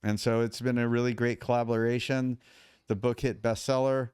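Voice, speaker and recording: A man's voice: mid-range voice, moderate pace, smooth, dry recording, studio quality. A middle-aged man as a podcast guest, telling his story casually and acting out what others said. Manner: animated, acts out quotes of others.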